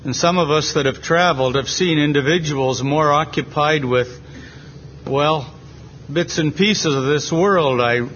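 North american guy preaching slow n earnest, slightly high voice, muffled lo-fi recording. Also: a bit bright, a little hiss or hum. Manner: earnest, deliberate, with pauses. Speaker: preacher at a Bible reading. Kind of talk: slow, measured Bible exposition. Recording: dull lo-fi meeting recording.

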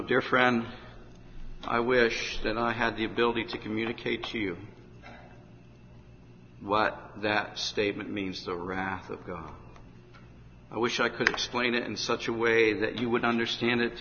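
Man, revival preacher, sharp bright voice, long hall reverb, dull lo-fi sound. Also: fairly low pitch. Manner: urgent, rising to shouts at climaxes. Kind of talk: revival sermon. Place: large hall or church. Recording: dull, echoey hall with faint noise.

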